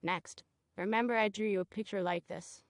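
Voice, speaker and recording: A woman teaching a cosmetology procedure, guiding a student step by step and checking in with quick questions. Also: mid-range voice, steady tone, no room sound, studio quality. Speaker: cosmetology instructor. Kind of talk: hands-on training demonstration.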